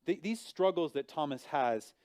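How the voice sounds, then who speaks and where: A man preaching a sermon as pastor, animated and acting out the voices of biblical figures with big swings in pitch and loudness. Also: normal speed, no room sound.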